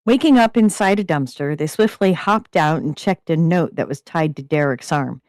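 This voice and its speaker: A woman hosting a podcast, reading a story aloud in a steady narrating manner. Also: low-pitched, moderate pace, no room sound. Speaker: podcast host and story reader.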